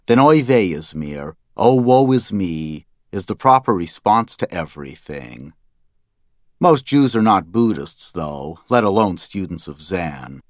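Man, low voice, lively pitch, wry storytelling, dry close sound. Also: dry recording. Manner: wry, dryly humorous storytelling. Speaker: narrator. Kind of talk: scripted first-person narration.

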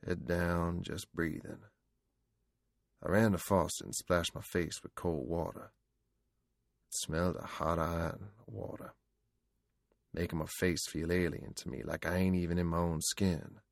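A man's voice: low-pitched, little pitch movement, a little slow, creaky, pauses often, no echo, studio quality. A man narrating an audiobook in the first person, in a slangy, vernacular storytelling manner.

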